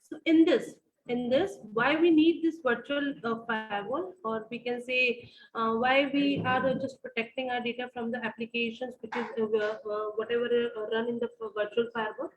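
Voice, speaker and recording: A woman's voice: on the high side, steady tone, normal speed, background noise. A woman with an Indian English accent teaching a university class over a video call, full of fillers, repeating her phrases and putting questions to the students. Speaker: university lecturer. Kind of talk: online lecture.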